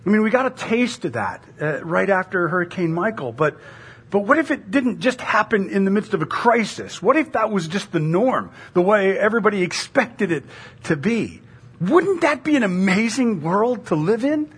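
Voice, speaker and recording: A middle-aged woman pastor preaching a sermon in a conversational, animated way, full of rhetorical questions. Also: mid-range voice, normal speed, breathy edge.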